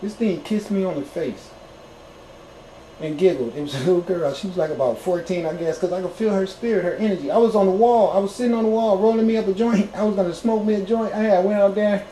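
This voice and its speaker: Casual storytelling guy, kinda high mellow voice, cusses a lot, echoey room. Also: fast talker, a little hiss or hum. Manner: animated, swearing, gets high and loud when excited. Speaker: vlogger telling his own story. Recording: roomy echo, faint background ambience.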